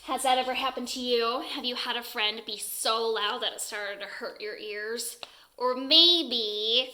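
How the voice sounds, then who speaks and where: A woman's voice: a little high, sharp tone. A woman teaching preschoolers who reads a picture book aloud in a playful, giggly way and keeps asking the children questions.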